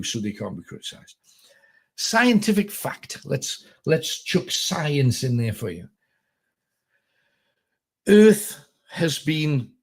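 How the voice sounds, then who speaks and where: A middle-aged man from North East England hosts a casual, rambling livestream chat, reading viewer comments and telling self-deprecating jokes. His voice is mid-range with a breathy edge.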